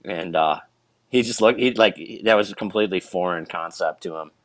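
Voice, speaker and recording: A man, a military veteran, telling a war story in a halting way with many restarts and fillers. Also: deep voice, no echo. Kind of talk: casual storytelling.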